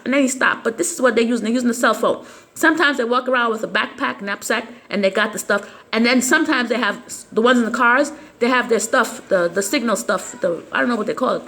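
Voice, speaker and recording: Woman vlogger, somewhat high voice; agitated, rambling delivery with stumbles and repeats. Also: a bit bright. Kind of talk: casual vlog monologue.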